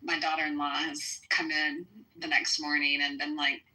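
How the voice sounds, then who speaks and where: A woman's voice: low-pitched, level tone, normal speed, bright, forceful tone, low-quality recording. A middle-aged woman chatting casually, laughing often. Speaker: chat room participant. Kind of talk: casual chat.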